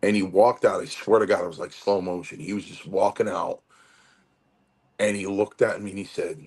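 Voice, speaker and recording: Low-voiced man, fifties, from Connecticut, rambling interview storyteller. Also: normal speed, slightly rough. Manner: rambling, animated storytelling with restarts. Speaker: guest wrestler.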